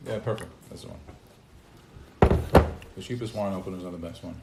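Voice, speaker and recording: A man giving an informal live class to a small group, who gets worked up and loud, then drops into quiet asides. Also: low-pitched, a little fast, vocal fry. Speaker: teacher of a class. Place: room with a small live audience. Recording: roomy live recording with faint noise.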